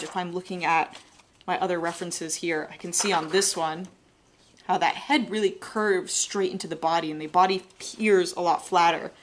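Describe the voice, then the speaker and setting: A woman teaching a live drawing class, explaining in a relaxed, chatty way while she sketches. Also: on the low side. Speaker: art instructor.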